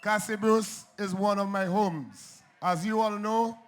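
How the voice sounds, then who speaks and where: A man's voice: high-pitched, measured pace. A man giving a militant solidarity speech at an outdoor rally, calling out to the crowd through a stage microphone. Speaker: rally guest speaker.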